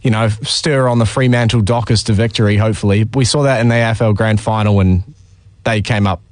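A man's voice: fairly low pitch, steady tone, fairly quick, darkish tone, no room sound. A male radio co-host chatting casually about sports, opinionated and full of ideas.

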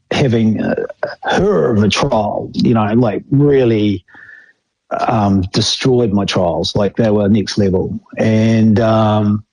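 A man's voice: medium pitch, warm tone, no room sound, rough recording. A middle-aged man with a New Zealand accent, telling old rugby stories in a rambling, casual way and laughing often. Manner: rambling, laughs often, acts out quoted voices. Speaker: former rugby player guest. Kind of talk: casual storytelling interview.

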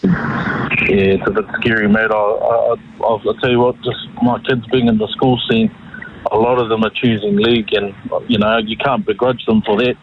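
A man's voice: lowish voice, fairly even intonation, normal speed, husky. A man calling in to a sports radio show, matey and casual. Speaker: caller. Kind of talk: phone-in chat. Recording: tinny phone line.

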